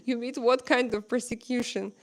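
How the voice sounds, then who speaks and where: A young woman with a Russian accent, a native Russian speaker hosting a casual livestream, reading viewer comments aloud in halting English full of fillers. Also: fairly high pitch, fairly even intonation. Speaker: livestream host.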